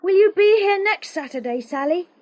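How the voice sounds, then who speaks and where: Woman doing lonely anxious schoolboy, hesitant, lively pitch, dry close sound. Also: measured pace, no room sound, heavily acted. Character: lonely worried young schoolboy, quiet and sad.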